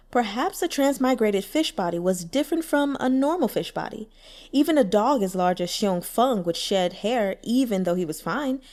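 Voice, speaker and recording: A woman narrates a novel aloud as an audiobook reader, telling the story expressively with lively pitch. The narration is scripted.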